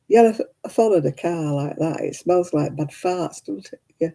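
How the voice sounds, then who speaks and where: A woman's voice: deep voice, moderate pace, dark tone. A tired woman, hosting a casual livestream and chatting with her viewers by name. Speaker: livestream host.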